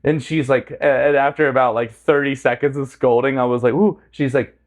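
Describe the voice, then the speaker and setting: A man's voice: mid-range voice, brisk, crowd noise. A man hosting a podcast, telling a story in casual chat and acting out the quotes as he laughs. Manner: animated, acts out quotes, laughs often. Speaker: podcast host.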